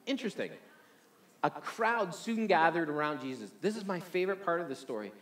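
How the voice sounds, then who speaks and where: A man's voice: on the high side, lively intonation, brisk, a bit bright, roomy sound. A man preaching a sermon energetically, often repeating words as he restarts. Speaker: pastor.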